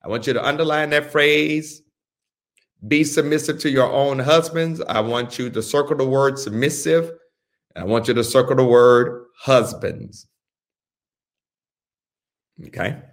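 A man teaching a Bible study as a pastor, speaking deliberately, repeating phrases and telling listeners what to underline and circle. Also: medium pitch. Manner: slow, deliberate, repeats phrases and gives instructions.

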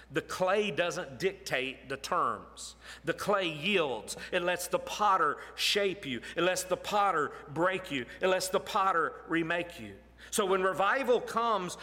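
A man delivers a sermon with earnest, measured phrasing, often dropping low and quiet to drive a point home. His voice sits somewhat high for a man and sounds bright and forceful. The sound rings with the long reverb of a large hall. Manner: earnest, drops low and soft for emphasis, slow deliberate phrasing. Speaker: preacher.

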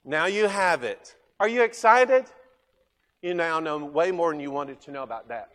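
A man preaching a sermon, animated, asking his listeners questions and swinging between loud bursts and quiet asides. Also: on the high side, moderate pace, big-room sound. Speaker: pastor.

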